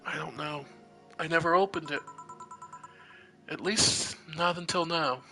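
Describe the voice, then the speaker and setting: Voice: mid-range voice, fairly even intonation, faint music behind, poor audio. A streamer voicing a weary woman bartender. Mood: hesitant. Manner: quiet, hesitant, halting. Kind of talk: reading visual novel dialogue aloud.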